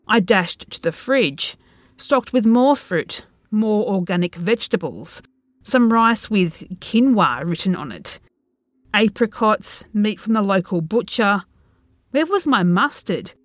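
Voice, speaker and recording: A woman reads a first-person horror story aloud in a tense, dread-filled way. Her pitch moves a lot as she tells it. The recording is dry and close, with no room sound. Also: no echo. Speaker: narrator.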